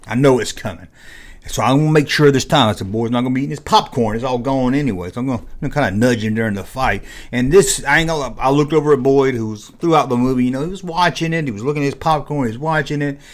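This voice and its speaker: A man's voice: medium pitch, quick pace. A man hosting his own video, telling a story casually and acting out scenes with sound effects. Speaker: vlog host.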